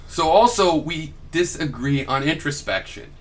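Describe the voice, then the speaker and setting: A young man talks straight at his opponent in a reply video, combative and sharp-tongued, swearing freely. His voice has a bright, forceful edge, and he keeps slipping into sarcastic mock quotes. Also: mid-range voice, normal speed, a little hiss or hum. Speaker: video blogger replying to another vlogger.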